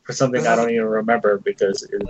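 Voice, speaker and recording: A man's voice: on the low side, level tone, very fast, slight background noise. Sheepish man on muffled audio. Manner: sheepish, laughing, hesitant. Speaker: panelist. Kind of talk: casual podcast debate.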